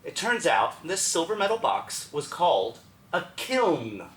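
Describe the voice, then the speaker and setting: A man performing a one-man theatrical storytelling show with an American accent, animated and acting out other people's lines. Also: a little high, a little slow. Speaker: solo stage performer. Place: small theater stage. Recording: echoey theater room with faint ambience.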